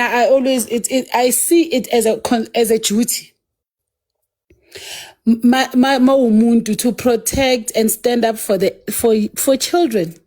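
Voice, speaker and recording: A South African woman arguing forcefully in a heated online discussion, switching between English and isiZulu. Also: on the high side. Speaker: activist speaker.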